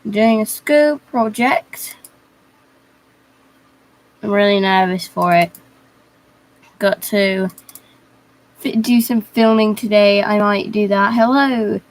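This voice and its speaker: A young woman chatting casually on a live stream, rambling and halting as she talks to her chat from a home computer setup. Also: medium pitch, low-quality recording.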